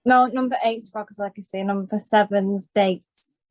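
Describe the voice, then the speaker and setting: A woman's voice: mid-range voice, fairly even intonation, unhurried, a little mellow, no echo. A woman joining a casual podcast chat as a guest, making brief, hesitant remarks.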